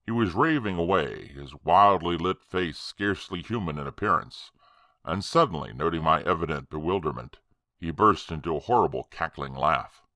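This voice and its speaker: Deep, dry-voiced man narrating horror. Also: lively intonation, pushed and bright, dry recording. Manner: slow, measured reading. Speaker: audiobook narrator.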